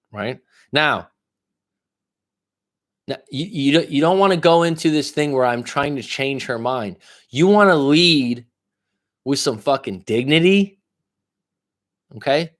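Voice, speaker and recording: A man giving live coaching advice in a blunt, profane way, pushing the listener with repeated questions. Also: fairly high pitch. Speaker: life coach.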